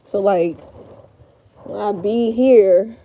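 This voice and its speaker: Talking extremely slowly in a warm, mid-range voice, a live streamer in her thirties chats casually to herself as she organizes a room. She rambles, curses and seems frazzled.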